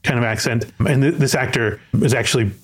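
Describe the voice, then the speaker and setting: A man's voice: medium pitch, fast, breathy edge. A man hosting a podcast, chatting casually about a film and often repeating words as he thinks aloud. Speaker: podcast host.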